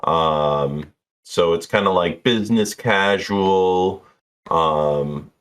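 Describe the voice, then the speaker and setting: A man's voice: sits low, very slow, fairly bright tone. A man narrating as game master in a casual, easygoing way with many fillers. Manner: easygoing, filler-heavy description.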